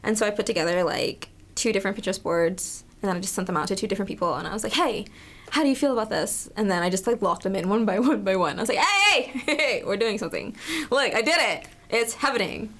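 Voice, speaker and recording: A woman's voice: mid-range voice, fast talker, few pauses. A young woman being interviewed in casual chat, bubbly and emotional, her stories full of "like" and quoted asides. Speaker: interview guest, makeup artist.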